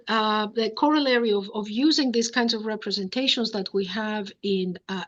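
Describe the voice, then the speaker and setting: A woman's voice: on the high side, highs cut off. A woman giving an academic lecture, explaining step by step and checking in with her listeners. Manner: explanatory, checks in with "right?" and "okay?".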